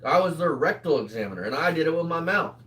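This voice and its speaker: A man's voice: on the high side, animated, fast, sharp tone. A man in his twenties co-hosting a commentary show, mocking and swearing in casual banter. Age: 20s. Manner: mocking, foul-mouthed, breaks into laughter. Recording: echoey room, far from the mic.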